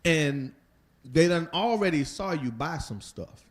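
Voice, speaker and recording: A man's voice: on the high side, expressive, a little slow. A man leading a Bible study lesson, talking conversationally and putting rhetorical questions to his listeners. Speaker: Bible teacher.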